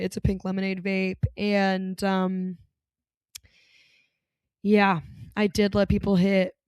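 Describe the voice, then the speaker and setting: A young woman host rattles through a casual comedic monologue, campy and chatty with sarcastic asides. Her voice sits at a middling pitch. The recording is dry and close, with no room sound. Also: darkish tone, smooth, dry recording. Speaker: podcast host.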